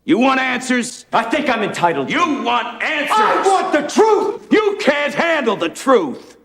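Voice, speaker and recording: A furious military officer on the stand, shouting in a strained, gravelly voice that leaps very high and swings wildly. The film clip sounds roomy and echoey. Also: male voice, big pitch swings, unhurried, heavily acted. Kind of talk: film courtroom drama.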